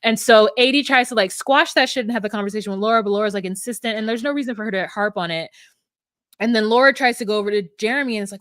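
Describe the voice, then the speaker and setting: A woman co-hosting a podcast, retelling a reality show in casual, animated chat full of "like". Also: on the high side, rapid-fire, dry recording, studio quality. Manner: animated storyteller, frequent "like". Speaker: podcast co-host.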